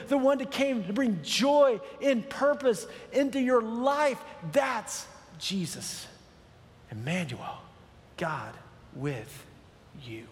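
High-voiced man preaching in a reverberant hall. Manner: earnest, builds to emphatic preaching. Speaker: pastor. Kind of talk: sermon with personal story.

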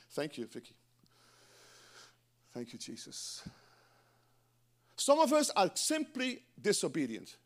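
A middle-aged man preaching a sermon in church, animated and breaking into joking asides to the congregation. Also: a little high, fairly quick, long pauses. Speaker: pastor.

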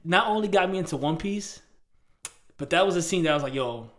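Man, casual podcast co-host, animated storyteller. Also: sits high, fast. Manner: animated storyteller, acts out scenes. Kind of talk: casual chat.

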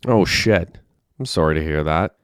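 A man's voice: sits low, moderate pace, fairly bright tone, clean tone, dry recording, clean studio sound. A man doing an awkward, wisecracking young man.

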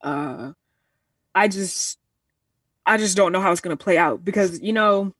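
A woman's voice: on the low side, a little slow, fairly bright tone, slightly rough, no room sound, clean studio sound, recorded from a distance. A woman around twenty in a casual discussion, earnest and rambling, restarting her sentences and slipping into quoted asides. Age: 20s. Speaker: panelist.

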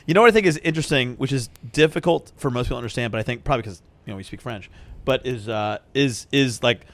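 A man's voice: mid-range voice, fast talker. Laid back guy hosting a podcast, chatty, laughs a lot. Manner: chatty, laughs often, puts on voices in stories. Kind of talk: casual chat.

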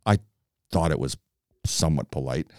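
A man's voice: very deep voice, moderate pace, smooth, no room sound, clean studio sound. A man co-hosting a podcast, telling a story in casual chat, loose and profane with lots of fillers. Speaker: podcast co-host.

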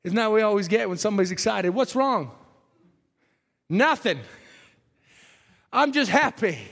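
A man preaching a sermon, storytelling and acting out biblical characters, swinging from shouts to hushed asides. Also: sits high, lively intonation, moderate pace. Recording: long hall reverb.

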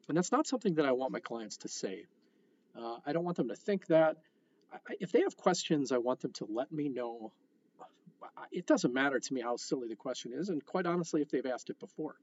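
A man's voice: mid-range voice, very animated, fairly quick, a little mellow, highs cut off. A man hosting a real estate podcast, talking frankly and conversationally, with frequent fillers and restarts. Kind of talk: podcast monologue.

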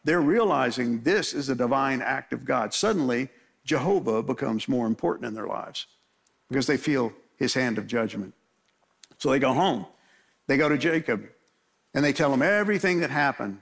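A man's voice: mid-range voice, animated, normal speed, gravelly, fairly bright tone. A man preaching an expository sermon in a casual, conversational way, briefly voicing the people in the story. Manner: conversational, acts out biblical characters' voices.

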